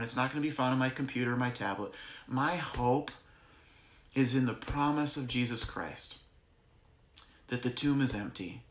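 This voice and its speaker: Earnest man preaching, bright echoey voice. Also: medium pitch. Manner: earnest, repetitive, conversational preaching with self-corrections. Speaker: pastor. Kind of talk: sermon-style devotional. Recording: echoey room.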